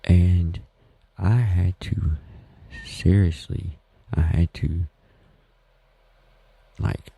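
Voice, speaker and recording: A man with a Southern US accent hosts a casual home podcast, talking in a slow, rambling, folksy way. His voice is very low and dark, with a gravelly, slightly husky edge. The recording is dry and close. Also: steady tone, no room sound, poor audio. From Southern United States. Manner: rambling, folksy, self-deprecating. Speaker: podcast host. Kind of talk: casual solo podcast talk.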